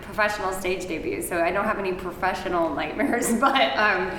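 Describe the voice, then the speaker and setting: A woman's voice: medium pitch, a little fast, a bit bright, slight background noise. A young woman, an actor, telling a story in a rambling way, with many ums and frequent laughter. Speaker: actor guest. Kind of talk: anecdotal storytelling. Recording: echoey room, distant from mic.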